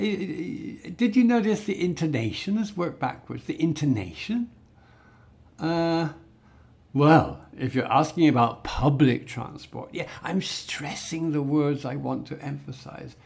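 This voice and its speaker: A man's voice: a little high, vocal fry, darkish tone. A man teaching a spoken English exam lesson, explaining in a chatty way with many restarts and fillers. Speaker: English speaking-test teacher.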